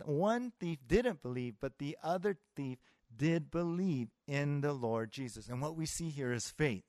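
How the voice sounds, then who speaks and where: A man's voice: on the high side, no room sound, studio quality. A man preaching a sermon as pastor, in a conversational way that acts out the voices he quotes. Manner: conversational, with filler words and restarts, acting out quoted voices.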